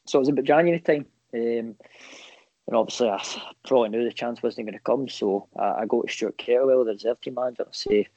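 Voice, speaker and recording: A man's voice: medium pitch, quick pace, no echo. Young Scottish man, footballer guest, casual anecdotes with swearing, acts out quotes, dry dull-sounding recording. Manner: animated, swears freely, acts out quoted dialogue. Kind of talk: casual storytelling interview.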